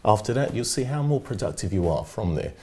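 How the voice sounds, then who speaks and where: A man's voice: on the low side, big pitch swings, a little fast, a little mellow. A man, a regular guest on a talk show, giving upbeat motivational advice and asking rhetorical questions. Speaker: regular life coach guest.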